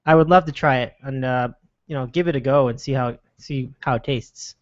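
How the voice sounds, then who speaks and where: A man's voice: mid-range voice, a little fast, no room sound, dull audio. A man hosting a casual sports podcast, often restarting his words as he chats. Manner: hesitant, repeats words, animated. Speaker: podcast host.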